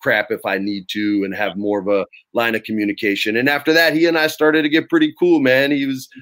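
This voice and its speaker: A middle-aged man, a guest in an interview, telling casual anecdotes in an animated way, swearing freely and acting out what others said. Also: medium pitch, fairly quick. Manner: animated, swears freely, acts out quoted lines.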